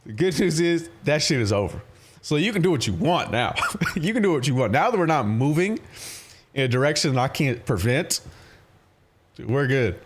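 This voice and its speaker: A man's voice: mid-range voice, very animated, normal speed, a little hiss or hum. A man live streaming, talking casually with his viewers, rambling through stories full of swearing and frequent laughter. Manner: profane, rambling storytelling, often laughing. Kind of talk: casual livestream chat with viewers.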